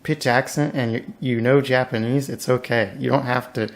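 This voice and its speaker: A relaxed man speaking as an interview guest. His voice sits at an ordinary middle pitch, and he talks casually, with slang and plenty of "like" fillers. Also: normal speed. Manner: laid-back, slangy, filler-heavy with lots of "like".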